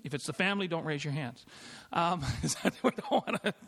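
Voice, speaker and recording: A man's voice: on the high side, lively intonation, normal speed, gravelly, a bit bright. A middle-aged man preaching a sermon as pastor, in a conversational way with frequent restarts and light laughs. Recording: long hall reverb.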